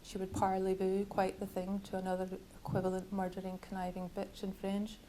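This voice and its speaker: Woman, author reading her novel, measured, wry, mellow warm tone, faint background noise. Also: mid-range voice, monotone, rough recording. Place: bookshop reading event.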